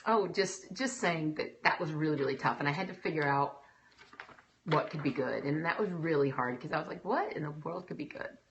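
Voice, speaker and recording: A woman's voice: deep voice, fairly quick, slight background noise. A woman, speaking emotionally and animatedly to an audience. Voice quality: emotional, animated, breaks into quoted voices. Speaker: speaker giving a talk. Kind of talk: personal talk to an audience.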